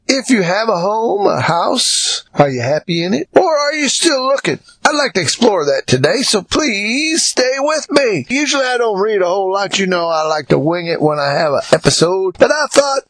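A man's voice: sits high, big pitch swings, normal speed, hardly any pauses, fairly bright tone, dry recording. An older man with a Southern accent, hosting his podcast in a folksy, rambling storytelling monologue. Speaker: podcast host.

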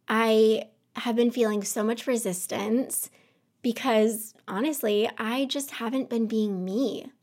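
A woman's voice: a little high, steady tone, slow, a little mellow. A woman podcast host in her home office, talking through an unscripted personal monologue. She sounds emotional and close to tears, earnest and self-reflective, and she rambles a little.

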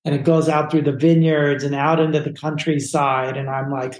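A man's voice: a little high, flat delivery, moderate pace, few pauses. Candid storytelling man from California. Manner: candid and rambling, uses "like" a lot. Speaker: podcast guest. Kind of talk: personal storytelling. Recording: roomy echo.

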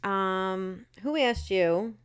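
A woman's voice: mid-range voice, very slow, smooth. A woman guest on a podcast in casual chat, blunt and swearing as she complains.

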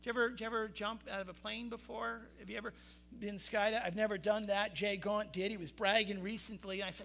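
A man preaching a sermon, animated, putting questions to his listeners and acting out the quotes he reads. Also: high voice, quick pace, gravelly, slight background noise. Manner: animated, talks to the congregation with questions and acted-out quotes. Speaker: pastor.

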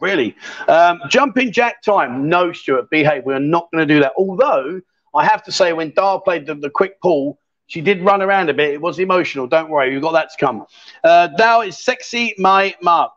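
A man hosting a live stream from a bar club, joking and teasing his guest in quick banter. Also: a little high, animated, a bit bright. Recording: dull lo-fi sound.

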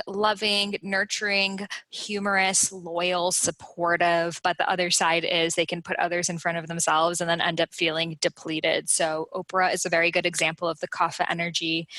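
Woman, podcast guest who explains Ayurveda, animated, bright tone, dry close sound. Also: on the low side, no echo. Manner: animated, acts out quick character voices. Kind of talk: casual podcast conversation.

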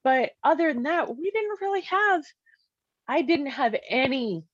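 A woman with a high, expressive, slightly slow voice tells a casual personal story about being a parent. Her delivery is loose and chatty, heavy with "like" fillers, and she acts out the dialogue she quotes. The recording is dry and a bit muffled.

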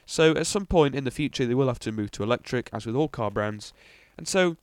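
A man's voice: mid-range voice, animated, fairly quick, no echo. A young man hosting a casual car news podcast, rambling with ums and little asides. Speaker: podcast host.

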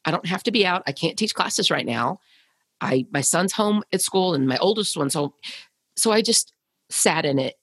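A woman who leads a women's ministry shares her testimony in a husky, fairly low voice. She talks earnestly and from the heart, often restarting her sentences, and the recording is close and dry. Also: animated, normal speed, no room sound. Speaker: podcast guest, women's ministry leader. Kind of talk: personal testimony in conversation.

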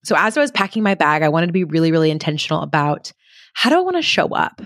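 A woman's voice: deep voice, sing-song, quick pace, no room sound, studio quality. A woman hosting her own podcast as a motivational speaker, telling a personal story in a gushing, upbeat way with lots of "like" and "oh my gosh".

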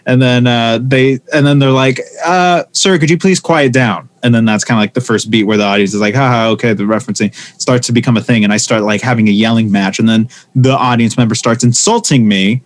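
A man, a stand-up comedian, talking casually and telling animated stories, acting out the voices of the people he quotes. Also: mid-range voice, quick pace, few pauses. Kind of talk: casual conversation.

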